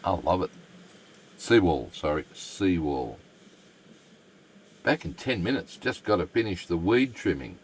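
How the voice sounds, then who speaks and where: A man streaming a game live, thinking aloud in a halting, rambling way and chatting to his viewers. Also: low voice, very animated, a little hiss or hum.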